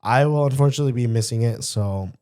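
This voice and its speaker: A man's voice: medium pitch, fast, dark tone. Man with a nasal cold voice. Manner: laughs while telling stories. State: sick with a cough and stuffy nose. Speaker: podcast co-host. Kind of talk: casual chat.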